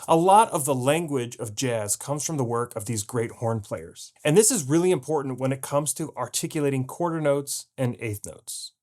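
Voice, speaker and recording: A man's voice: mid-range voice, animated, normal speed, hardly any pauses, darkish tone. A man teaching a jazz piano lesson, explaining patiently and scatting rhythms aloud to show them. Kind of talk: video lesson.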